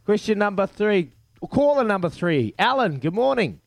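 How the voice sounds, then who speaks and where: A man's voice: high voice, sing-song, normal speed, no room sound. A man hosting a breakfast radio quiz, matey and jokey with callers. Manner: matey, jokey, laughs often.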